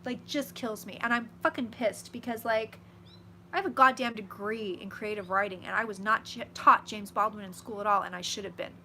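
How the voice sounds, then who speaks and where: Her voice sits mid-range here, a little fast, pushed and bright, with a little hiss or hum in the background. The young psychic vlogger is live from home, chatting, gushing, and swearing as she reads viewer comments.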